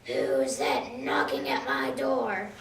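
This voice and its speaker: A woman voicing a gruff, menacing male wolf with a rough, growly voice in a storybook tale. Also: very deep voice, sing-song, slow, reverberant, recorded from a distance, a little hiss or hum, pitched below the performer's own voice, exaggerated voice.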